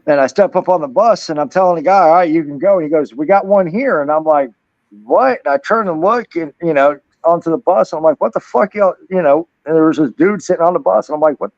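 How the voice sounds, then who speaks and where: A fairly high-voiced man spins a swearing-heavy service story, throwing himself into every quoted line. The sound is dull and a little lo-fi, close and dry with no room around it. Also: quick pace, hardly any pauses, no echo. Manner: profane, animated storyteller acting out quotes. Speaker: military veteran guest. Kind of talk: casual podcast storytelling.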